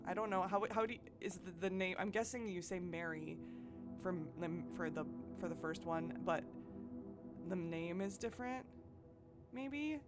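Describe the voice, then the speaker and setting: A woman with a lowish voice streams a puzzle game live and talks through her choices out loud. She chats easily with her viewers and often restarts her sentences. Game music plays clearly behind her. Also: normal speed. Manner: thinks aloud, chatty with chat, hesitant restarts. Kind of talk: live gameplay commentary.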